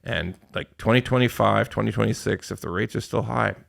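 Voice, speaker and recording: A man's voice: fairly low pitch, fairly quick, gravelly. A man hosting a casual podcast chat, swearing freely, laughing often and restarting his sentences with repeated words. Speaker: podcast host.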